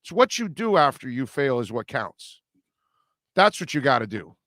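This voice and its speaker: A man's voice: mid-range voice, big pitch swings, moderate pace, a bit bright, no echo, clean studio sound. A middle-aged man hosting a sports radio show, delivering a blunt, preachy monologue in short, punchy, emphatic bursts. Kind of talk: opinionated sports talk monologue.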